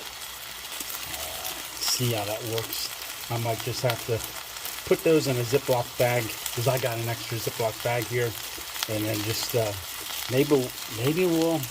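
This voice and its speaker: A man vlogging while cooking at an outdoor camp, chatty and quick to laugh, sometimes dropping to a hushed voice. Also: medium pitch. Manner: chatty, laughs often, talks quietly at times. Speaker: camping vlogger. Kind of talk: casual cooking narration. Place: outdoors under a covered bridge. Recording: noisy outdoor camp recording.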